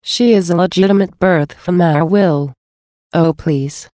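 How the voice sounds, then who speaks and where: A woman reading the words of a gentle, solemn male divine figure, tender and earnest. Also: fairly low pitch, measured pace, dry recording, studio quality, natural voice. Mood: pleading.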